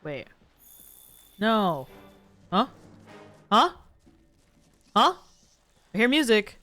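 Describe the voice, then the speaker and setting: A woman's voice: mid-range voice, big pitch swings, drawn-out words, a bit bright, faint music behind. A woman streaming a video game live, chatting to her viewers and playfully whining and pleading at the game with frequent laughs. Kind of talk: live gameplay stream commentary.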